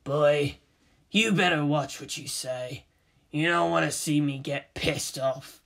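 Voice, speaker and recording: A reader voicing an angry adult male spy who shouts in outrage and then makes threats. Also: medium pitch, slow, vocal fry. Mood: threatening. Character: angry grown man, a hot-headed spy.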